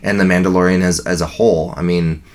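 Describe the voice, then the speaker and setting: Casual fan podcast: man, low voice, rambling, enthusiastic. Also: fairly even intonation, fast talker.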